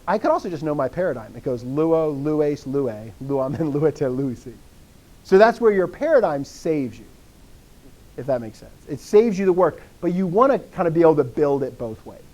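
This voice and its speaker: Lively, high-voiced man teaching a class. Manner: drilling students with repeated call-and-response questions; energetic, animated bursts of enthusiasm. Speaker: Greek teacher. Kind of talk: classroom lecture.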